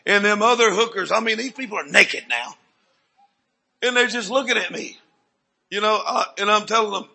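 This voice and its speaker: A man preaching, telling a story in a dramatic way that swings from hushed to loud. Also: sits high, normal speed, vocal fry. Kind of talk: sermon testimony storytelling.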